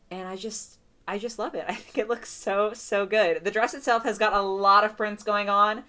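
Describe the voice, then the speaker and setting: A young woman giving a casual, gushing doll review, full of fillers and excited praise. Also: mid-range voice. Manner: gushing, chatty, lots of "like" fillers.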